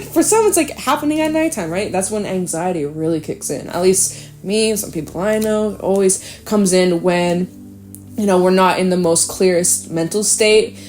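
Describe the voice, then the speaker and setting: A woman's voice: medium pitch, darkish tone. A woman giving a casual, chatty tarot reading in an encouraging tone. She sometimes swears and acts out anxious inner voices. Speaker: tarot reader.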